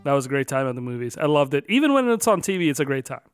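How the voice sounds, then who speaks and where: A man's voice: mid-range voice, very animated, racing, over music. A man co-hosting a casual podcast, announcing numbered categories with extra emphasis and then chatting loosely. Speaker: podcast co-host.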